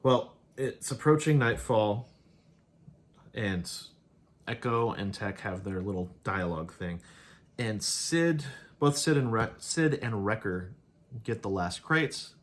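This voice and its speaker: A man's voice: fairly low pitch, lively intonation, takes it slowly. Rambling man recapping a show. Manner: rambling, laughs often, quotes characters offhandedly. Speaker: show host reviewing episodes. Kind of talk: casual recap and review.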